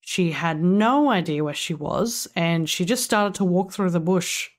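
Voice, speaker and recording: A woman's voice: fairly low pitch, unhurried. A woman co-hosting a podcast, casually telling a story, swearing now and then and laughing along. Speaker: podcast co-host.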